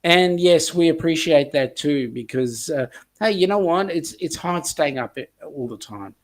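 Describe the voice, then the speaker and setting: An Australian man hosts a casual livestream, his fairly high voice rambling along with plenty of ums. He reads viewer comments aloud as he chats. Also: expressive, a little slow. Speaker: host of a cruise chat livestream.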